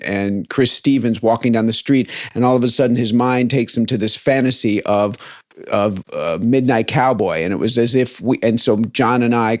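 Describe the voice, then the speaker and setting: A man co-host telling stories haltingly. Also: medium pitch, a little mellow, no room sound, clean studio sound. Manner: storytelling, halting with restarts and fillers. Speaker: podcast co-host. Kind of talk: casual chat.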